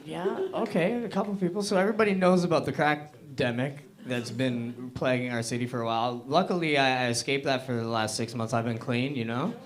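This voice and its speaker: A man's voice: mid-range voice, fairly quick, few pauses. Rambling young man doing stand-up. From Hamilton, Canada. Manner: loose, rambling delivery full of fillers and self-deprecating asides. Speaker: open mic comedian. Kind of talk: stand-up set. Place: comedy club stage.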